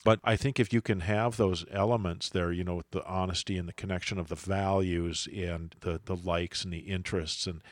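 A man's voice: low-pitched, fairly even intonation, fairly quick, hardly any pauses, no echo, clean studio sound. A man co-hosting a casual podcast, talking in a thoughtful, rambling way with many fillers. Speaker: podcast co-host.

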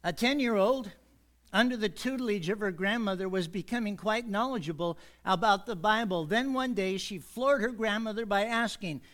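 A man preaching a sermon in a church, easygoing and joking at first, then slowing and stretching key words for emphasis. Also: high voice. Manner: warms up with jokes, easygoing asides. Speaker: pastor. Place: church sanctuary.

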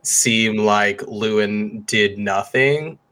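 A man's voice: lowish voice, extremely slow, pushed and bright. A man playing in a tabletop game, chatting casually, easygoing and joking as he speaks for his character. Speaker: player.

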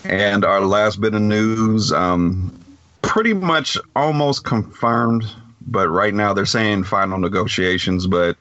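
Very low-voiced male podcast host. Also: slow, a bit bright, no room sound, highs cut off. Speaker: podcast host reading film news. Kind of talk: casual chat.

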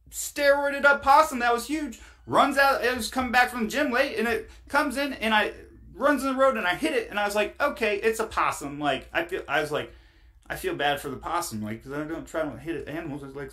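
A man's voice: fairly high pitch, fairly bright tone. A man as a podcast guest, telling a rambling story in casual chat, laughing often and full of fillers.

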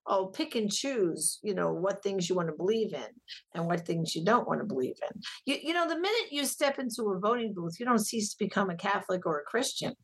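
A woman's voice: mid-range voice, animated, a little fast, slightly rough. A middle-aged woman, a guest on a radio talk show, speaking emphatically and telling stories with animation. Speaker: guest, pro-life ministry director.

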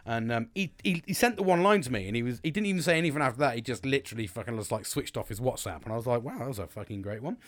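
A man's voice: medium pitch, expressive, racing, hardly any pauses, dry recording. Sweary, rambling man podcasting. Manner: sweary, rambling, self-mocking. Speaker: podcast host. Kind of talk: casual solo podcast monologue. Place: at home, drinking cider. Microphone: close studio-style mic.

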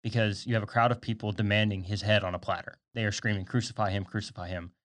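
Fast-talking young man on a podcast. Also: fairly low pitch, fairly even intonation, fairly bright tone. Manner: earnest, explains at length with side notes. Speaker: podcast co-host. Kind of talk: casual faith podcast chat. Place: podcast studio.

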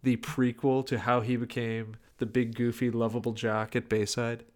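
Man, podcast co-host, casual movie chat, dry jokes, mid-pitched voice. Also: little pitch movement, normal speed. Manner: dry, joking asides.

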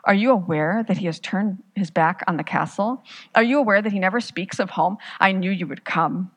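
A woman's voice: medium pitch, normal speed, close to an everyday voice. A woman voicing a smug fault-finding brother. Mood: accusing. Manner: accusing, eager, smirking.

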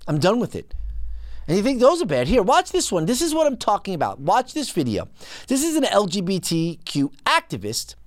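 Host, political monologue: indignant, emphatic, big pitch jumps, dry close sound. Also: wildly swooping pitch, brisk, no room sound. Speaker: podcast host.

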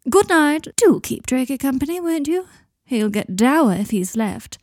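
A woman's voice: high-pitched, sing-song, darkish tone, no room sound, pitched above the performer's own voice, heavily acted. Woman doing a sly, drawling young wizard. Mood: theatrical. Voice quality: slow drawling delivery. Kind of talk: fan fiction audiobook reading.

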